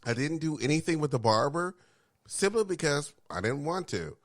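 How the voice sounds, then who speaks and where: A man's voice: on the high side, animated, moderate pace, no echo. A man co-hosting a podcast, telling candid stories in casual chat, with frequent murmured backchannels. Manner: candid, frank storytelling, drops to a whisper for asides. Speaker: podcast co-host.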